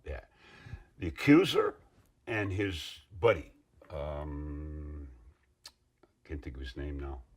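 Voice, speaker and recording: A middle-aged man with a very deep voice tells his side of a story to an interviewer. His tone is husky and a little rough, and he wanders through asides and restarts in an earnest, rambling way. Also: slow pace, pauses often. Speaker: interviewee, former union member. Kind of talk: interview recollection.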